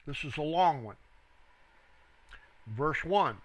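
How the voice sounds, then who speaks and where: A man teaching the Bible verse by verse, reading each phrase and then its reference number in a slow, deliberate way. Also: fairly high pitch, expressive, pushed and bright. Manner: slow, reads each word then its reference number, stresses quoted words.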